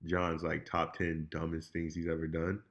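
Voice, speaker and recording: A man's voice: extremely low pitch, monotone, moderate pace, a bit bright, highs cut off. A man co-hosting a casual show review, animatedly retelling scenes and acting out the characters' lines. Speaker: podcast co-host. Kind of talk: casual chat.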